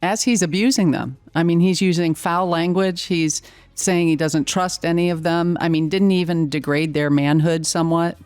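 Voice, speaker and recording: Woman podcast host, measured. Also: on the low side, fairly even intonation, a little mellow, smooth, dry recording. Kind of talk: interviewing and scripted podcast outro.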